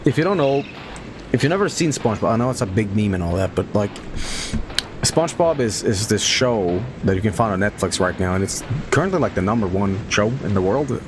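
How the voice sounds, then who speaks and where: A man's voice: fairly low pitch, animated, brisk, noisy background. Joking man streaming a game. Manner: joking, rambling asides. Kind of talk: casual gameplay commentary.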